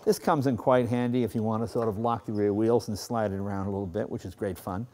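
A car show host with a Boston accent chats enthusiastically and self-deprecatingly while walking through a classic car, first in a garage and then outdoors. His voice is on the low side and mellow, steady in tone, at a quick pace.

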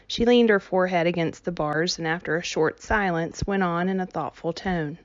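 A woman reading a novel aloud in a measured storytelling way. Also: lowish voice, no room sound, highs cut off. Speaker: audiobook reader.

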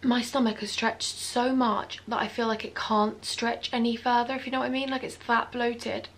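A woman's voice: fairly high pitch, flat delivery, moderate pace. A young woman from the UK talking anxiously and self-critically in a confessional vlog. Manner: anxious, self-critical, often quiet and whispery. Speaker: vlogger.

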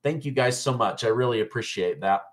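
A man's voice: mid-range voice, a little fast. A man hosting a live news stream, talking casually to his viewers in an incredulous, mocking tone. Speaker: political news livestream host. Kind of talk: casual livestream news commentary.

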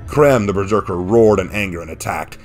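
A man narrating a fan-written action story in a steady, dramatic reading. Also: deep voice, a little fast. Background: faint background music.

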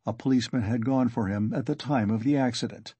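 Husky, warm male audiobook narrator. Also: mid-range voice, dry recording. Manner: steady, measured storytelling. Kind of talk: audiobook narration of a classic novel.

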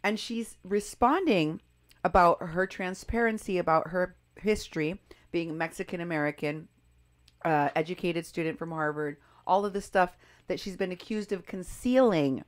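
Woman commentator, low voice, emphatic and doubtful delivery. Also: normal speed. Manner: emphatic, skeptical, stressing key words. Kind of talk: commentary on clips and posts.

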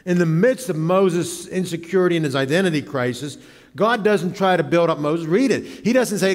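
A man's voice: a little high, normal speed. A man preaching a sermon as pastor, dramatic, acting out the voices he quotes. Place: church sanctuary. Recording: church hall reverb.

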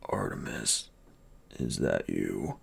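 A man's voice: extremely low pitch, very animated, vocal fry, husky, pitched below the performer's own voice, heavily acted. A man voicing a dying giant bodyguard who speaks weakly in short gasps. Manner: slow, weak, short gasps.

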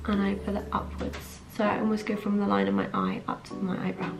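Chatty and upbeat, a London woman in her twenties who trains as a surgeon and vlogs talks at home while getting ready, using "like" constantly. Her groggy morning voice is medium-pitched, gravelly, a little fast and flat in pitch, over music on poor audio.

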